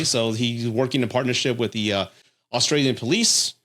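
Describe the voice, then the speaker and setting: A man's voice: medium pitch, moderate pace, a bit bright. A middle-aged man hosting a casual film review, talking enthusiastically and swearing freely.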